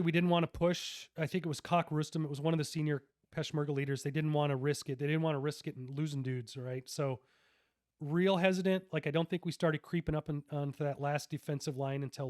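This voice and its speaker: A man's voice: a little high, fairly even intonation, quick pace, no echo, clean studio sound. A middle-aged man, a retired army officer, recounts his combat deployments as a podcast guest in a laid-back, slangy way, full of fillers and restarts. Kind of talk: casual war storytelling in an interview.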